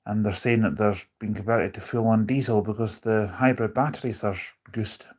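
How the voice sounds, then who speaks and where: A man's voice: fairly low pitch, fairly even intonation, normal speed, a little mellow. A man live streaming from on board a bus, chatting casually, rambling with his opinions and reading out viewer comments.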